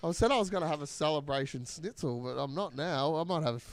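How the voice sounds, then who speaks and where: A man with an Australian accent hosts a casual fundraiser chat, his voice sitting a little high. He jokes at his own expense and laughs a lot. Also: lively intonation, fast. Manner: jokey, self-mocking, laughs often.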